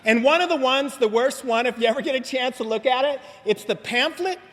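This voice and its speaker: A man in his forties with a high voice tells his recovery story to a meeting crowd, joking and rambling. He keeps asking "you know what I mean?" His voice rings with a long hall echo. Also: a little fast, fairly bright tone. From Southern California. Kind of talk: humorous recovery talk to an audience. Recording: live talk with long hall reverb.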